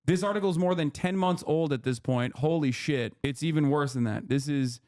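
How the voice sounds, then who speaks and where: A man with a fairly high voice explains politics on a stream, heated and animated. He swears freely and pushes each point hard. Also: a little fast.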